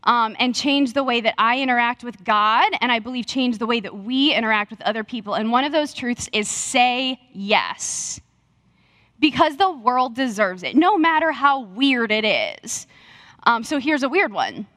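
Animated woman telling a faith story. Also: a little high, normal speed, no room sound, studio quality. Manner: earnest, animated storyteller acting out her own quotes. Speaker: speaker sharing testimony. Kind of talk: sermon-style storytelling.

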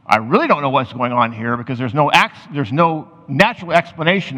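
A pastor preaching a sermon, reading scripture aloud and then explaining it in loose, conversational asides. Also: male voice, on the high side, fairly bright tone. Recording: muffled sound with long hall reverb.

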